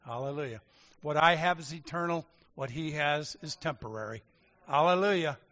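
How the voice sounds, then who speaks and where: Preacher, male, bright and forceful, slightly higher voice, dull lo-fi recording. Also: normal speed. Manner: emphatic and animated, swinging from loud declarations to quiet asides. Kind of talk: sermon. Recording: dull lo-fi sound.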